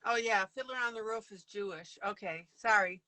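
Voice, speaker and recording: A woman's voice: medium pitch, moderate pace, sharp tone, no room sound, rough recording. A woman leading a casual live coloring lesson, chatty and playful, laughing often as she works. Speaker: online coloring teacher.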